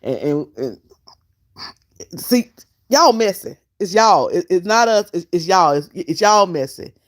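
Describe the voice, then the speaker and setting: Sassy, animated woman vlogger. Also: on the low side, slow. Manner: sassy, fussing, talks straight to chat. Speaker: vlogger host. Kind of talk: casual live-stream commentary.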